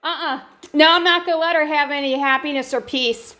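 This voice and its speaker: A woman's voice: sits high, fairly even intonation, brisk, sharp tone. A woman with an American country accent voicing a spiteful woman who stubbornly refuses to let others be happy.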